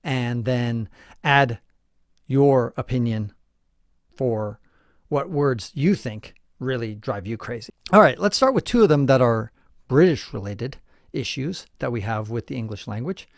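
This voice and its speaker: A man's voice: medium pitch, animated, measured pace, no room sound, studio quality. A middle-aged man hosting a podcast, explaining points in a casual, emphatic way, asking listeners questions and chuckling now and then. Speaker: podcast host.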